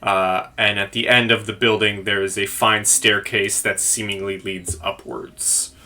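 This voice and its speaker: A man running a tabletop game and describing the scene at a slow, unhurried pace. He pauses often with fillers, and his voice is bright. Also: on the low side, flat delivery. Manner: slow, hesitant, many fillers. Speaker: game master.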